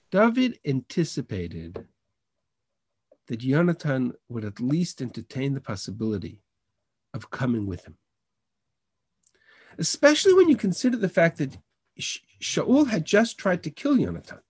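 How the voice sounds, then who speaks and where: A man with a slightly rough voice on the high side teaches a Bible class over a video call, reading verses in Hebrew and translating them, often restarting. The online lesson is recorded dry, with clean studio sound.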